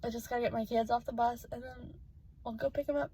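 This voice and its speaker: A woman's voice: a little high, fairly even intonation, fast, mellow, breathy edge, rough recording. A young adult woman giving a casual vlog update, rambling and emotional with many fillers. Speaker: vlogger.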